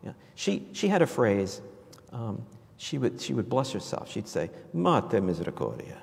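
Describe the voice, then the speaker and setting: A man's voice: mid-range voice, big pitch swings, unhurried, gravelly, darkish tone, long reverb tail. A man from New York giving a storytelling homily in a conversational, reflective way, with frequent fillers and restarts. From New York, USA. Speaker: preacher.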